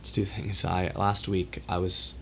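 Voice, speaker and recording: A man hosts a solo livestream and talks straight to his chat. His voice is worn and strained, still recovering after he lost it, and it carries emotion. He speaks haltingly and reflectively, often stopping to restart his sentences. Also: low-pitched, flat delivery, gravelly, sharp tone, slight background noise. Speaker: livestream host.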